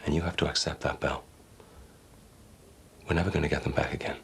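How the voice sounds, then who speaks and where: A stern, resigned father with a very deep, gravelly voice. He talks bluntly, over faint background noise. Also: little pitch movement, fast talker, full character voice.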